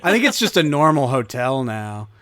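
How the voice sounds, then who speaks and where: A man's voice: mid-range voice, big pitch swings, normal speed, a bit bright. A man co-hosting a podcast in casual chat, laughing often and rambling with fillers. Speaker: podcast co-host.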